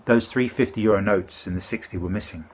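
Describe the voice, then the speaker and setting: A man with a husky, slightly breathy voice pitched on the low side. He tells a complaint story in loose, rambling speech, full of restarts and self-corrections. His indignation keeps breaking through as he goes. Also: fast, darkish tone. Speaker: complaining customer. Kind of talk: casual spoken complaint.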